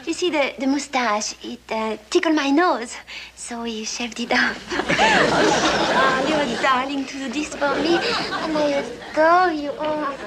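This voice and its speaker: A woman's voice: high voice, measured pace, a crowd in the background, background noise. An actress playing an adoring young French bride who gushes over her husband in an old sitcom. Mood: gushing. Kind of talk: sitcom acting.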